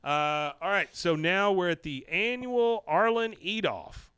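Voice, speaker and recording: A man co-hosting a podcast, recapping an episode in animated, salty storytelling. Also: high voice, measured pace, smooth, no room sound. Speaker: podcast co-host.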